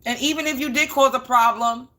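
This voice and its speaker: Defiant woman, fairly high voice. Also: fairly even intonation, fairly quick, pushed and bright. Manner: defiant, emotional, repetitive. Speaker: spiritual reader and vlogger. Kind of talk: emotional monologue vlog.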